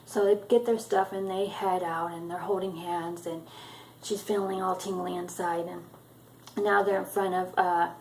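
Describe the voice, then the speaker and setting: A woman's voice: fairly low pitch, level tone, moderate pace, a little mellow, slight background noise, low-quality recording. A woman casually retelling a book chapter for her viewers, hesitant and full of ums and uhs. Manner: hesitant, many ums and uhs, loosely strung sentences. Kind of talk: casual spoken book recap.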